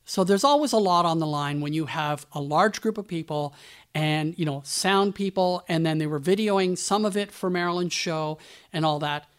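A man's voice: a little high, moderate pace, clear, resonant tone. A man hosting a radio show, telling a backstage story in a chatty way with conversational asides. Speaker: radio host.

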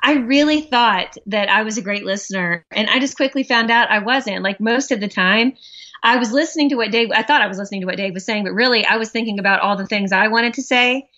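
A woman guest telling stories in a chatty, lively way over the phone. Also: fairly high pitch, fairly quick, highs cut off. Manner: chatty, animated storytelling. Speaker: marriage advice guest. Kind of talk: casual radio chat. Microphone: phone line.

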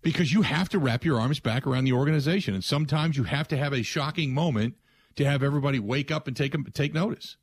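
A man's voice: mid-range voice, fast, slightly rough, no echo, studio quality. A man hosting sports talk radio, delivering a blunt, emphatic opinion monologue with frequent restarts.

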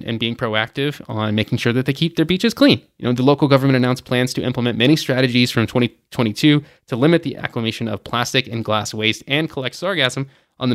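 A man with a medium-pitched voice hosts a travel news podcast, captured in clean studio sound with no room sound. Chatty and opinionated, he gives a casual rundown of the news with commentary, saying "you know" a lot.

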